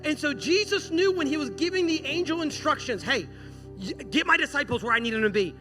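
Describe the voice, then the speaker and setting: A man preaching a sermon, telling a story with animated, acted-out dialogue. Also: extremely high pitch, fairly quick. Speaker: pastor. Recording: music playing behind.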